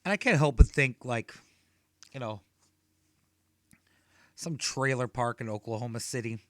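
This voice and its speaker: A man in his thirties does stand-up and rambles through profane stories. His voice is mid-pitched and ordinary. The sound is close and dry, with no room around it. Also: a little slow, no echo. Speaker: stand-up comedian. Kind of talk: stand-up comedy set.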